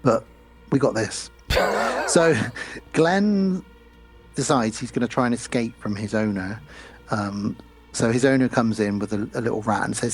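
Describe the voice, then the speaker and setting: A man's voice: medium pitch, unhurried, long pauses, soft background music. A man co-hosting a podcast, recapping a horror film in a chatty, rambling way. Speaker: podcast co-host.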